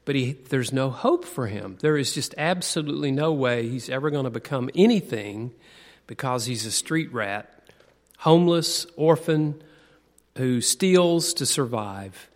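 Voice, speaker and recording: A man giving a conversational sermon, asking the audience questions and slowing down to lean on key words. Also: mid-range voice, lively intonation. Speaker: preacher. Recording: long reverb of a large hall.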